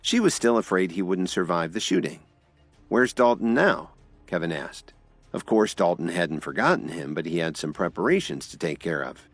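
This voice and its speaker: A man narrating a scripted audio drama with expressive storytelling. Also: sits low, fairly quick, no echo, soft background music.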